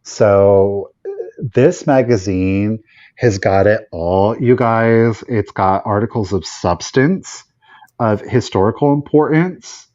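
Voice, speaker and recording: A man's voice: lowish voice, slow pace, a little mellow, lo-fi sound. A man hosting a live vintage sale, chatting enthusiastically as he shows items and runs the bidding. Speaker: live auction seller.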